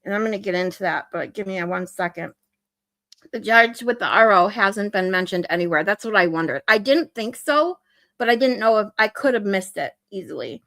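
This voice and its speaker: A woman's voice: medium pitch, animated, brisk, a bit bright. A woman hosting a casual livestream, ranting in exasperation while she reads and answers viewer comments. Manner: ranting, exasperated, reacting to chat. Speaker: livestream host.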